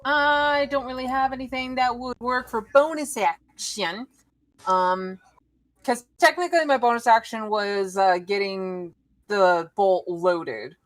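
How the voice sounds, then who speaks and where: Female player, somewhat high voice, relaxed and muttering as she checks her sheet. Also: measured pace. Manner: casual, mumbling through options. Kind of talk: casual tabletop play.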